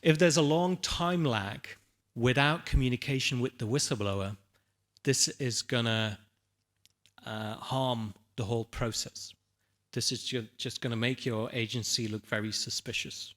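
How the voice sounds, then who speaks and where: A man's voice: medium pitch, steady tone, measured pace, fairly bright tone. A man speaking on a conference panel in a conversational way, often restarting his sentences and checking in with the audience. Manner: conversational, with frequent restarts and "right?" check-ins. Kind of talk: conference presentation.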